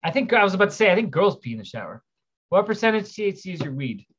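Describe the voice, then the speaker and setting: A man's voice: high voice, big pitch swings, fast, fairly bright tone, a little hiss or hum. A man hosting a casual livestream, rambling as he reads viewer questions aloud and answers them. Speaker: livestream host. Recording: dull lo-fi stream audio.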